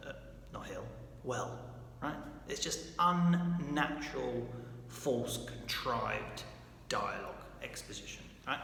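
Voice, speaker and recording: A man's voice: medium pitch, expressive, takes it slowly, creaky, sharp tone. A man giving a casual writing lesson, speaking informally and often checking in with "right?". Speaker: writer giving writing advice. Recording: echoey room with long reverb, faint background noise.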